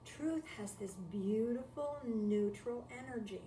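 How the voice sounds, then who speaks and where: Woman, spiritual teacher, slightly high voice, reflective talk with rhetorical questions, faint background noise. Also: a little slow, dark tone. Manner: reflective, repeats key phrases, asks rhetorical questions. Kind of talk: live-streamed spiritual talk. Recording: echoey room, distant mic, faint noise.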